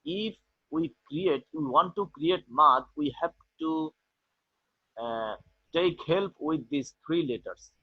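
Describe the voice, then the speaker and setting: A man teaching an online class, explaining slowly and repeating "okay" often, with a Bangladeshi English accent. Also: a little high, animated, husky, dry recording. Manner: slow, repetitive explaining with many "okay"s. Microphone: video call. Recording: tinny online call audio.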